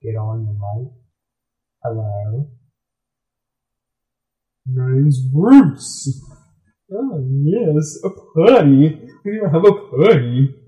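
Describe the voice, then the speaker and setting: A man's voice: medium pitch, expressive, very slow, long pauses, dark tone. Man doing Bruce the big shark. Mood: welcoming. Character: big toothy male great white shark. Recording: roomy echo.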